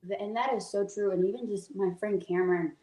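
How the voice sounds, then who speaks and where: A woman's voice: medium pitch, fast talker, warm tone. A woman in her twenties, a guest founder, speaking earnestly with lots of fillers like "you know" and "like". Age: 20s. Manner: earnest, filler-heavy, emotional. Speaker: guest, youth group founder. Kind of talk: casual interview talk. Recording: echoey room.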